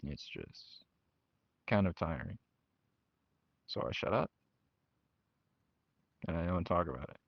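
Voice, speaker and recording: A young man speaks straight to his viewers, frank and venting, slipping into mocking voices when he quotes his family. His voice is very deep and gravelly, and his pace is unhurried. The recording is dry and a bit dull and lo-fi. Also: animated, no echo. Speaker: channel host. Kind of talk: personal talk to camera. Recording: dull lo-fi mic.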